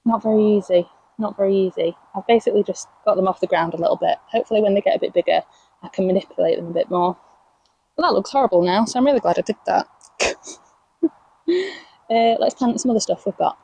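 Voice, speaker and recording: A woman's voice: mid-range voice, racing, gravelly, mellow, husky, no echo, rough recording. A young woman from England chatting casually while planting on her allotment, talking to her plants and laughing at herself, recorded outdoors on a camera mic as she moves around. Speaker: allotment vlogger. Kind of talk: casual chat while gardening.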